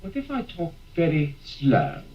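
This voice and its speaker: A man's voice: fairly high pitch, big pitch swings, measured pace, highs cut off. An actor playing a fussy, mannered nobleman who talks in an exaggerated way, from a film soundtrack. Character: mannered nobleman coaching an accent. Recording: roomy film audio.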